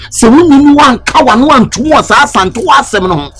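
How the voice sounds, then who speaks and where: A man acting in a comedy sketch, scolding loudly and switching between English and Twi. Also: extremely high pitch, animated, brisk, hardly any pauses, slightly rough. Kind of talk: scripted comedy skit.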